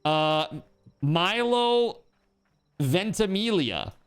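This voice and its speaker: A man's voice: sits high, very animated, very slow, smooth. A man streaming a game, chatting casually in a rambling, joking way, swearing now and then and packing his talk with fillers.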